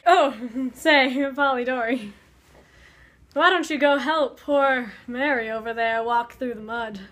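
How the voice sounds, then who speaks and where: A woman's voice: high-pitched, slow, fairly bright tone. A woman voicing a smug, drunk male aristocrat who mocks his friend. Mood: mocking.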